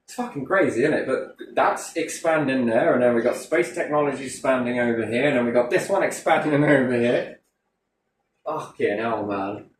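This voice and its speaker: A man's voice: medium pitch, moderate pace, slight background noise. A man in casual chat, rambling, swearing a lot and asking himself rhetorical questions. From Britain. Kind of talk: casual conversational rant. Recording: roomy echo from a distant mic.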